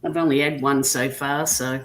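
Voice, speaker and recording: On a live chat stream, an Australian woman appearing as a guest tells easygoing anecdotes in casual conversation. Her pitch is extremely low and her tone steady, at a moderate pace, in a low-quality recording.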